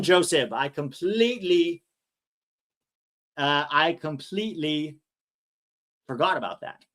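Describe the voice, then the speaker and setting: Young male streamer, higher voice, rambles through chat questions. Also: animated, slow pace, long pauses, fairly bright tone. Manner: chatty, rambling, reads viewer comments aloud. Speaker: watch-along host reading chat. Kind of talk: casual live-stream chat.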